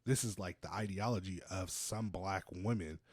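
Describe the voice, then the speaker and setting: Animated slangy young man, dry close mic. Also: sits low, moderate pace, no echo. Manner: animated, slangy, swings loud and soft. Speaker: podcast co-host. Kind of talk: casual chat.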